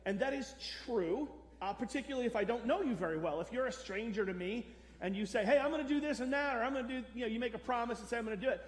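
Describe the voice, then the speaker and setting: A man's voice: very high-pitched, fast. A man preaching a sermon as pastor, talking conversationally and putting questions to the congregation. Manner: conversational, asks the audience questions. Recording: echoey church hall.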